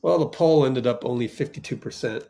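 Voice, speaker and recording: A man hosting a fan watch party stream, giving casual play-by-play, reacting loudly to plays and reading the chat aloud. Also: mid-range voice, fairly quick, creaky.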